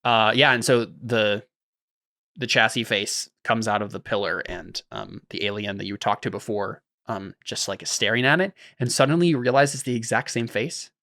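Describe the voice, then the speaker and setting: A man's voice: on the low side, moderate pace, pushed and bright, no room sound, clean studio sound. A man narrating as the game master of a tabletop game, in a loose, rambling way with many fillers.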